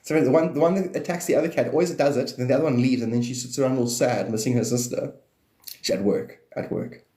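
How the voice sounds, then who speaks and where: A man's voice: mid-range voice, fast, mellow. Man rambling about spirituality in a roomy echo. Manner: meandering, free-associating, laughs often, slips into silly voices. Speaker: live stream host. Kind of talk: rambling spiritual live-stream chat.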